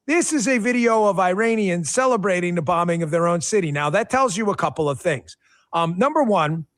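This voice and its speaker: A man's voice: high voice, fairly bright tone. A middle-aged man hosting a political talk show, giving emphatic, sarcastic commentary and speaking straight to his viewers.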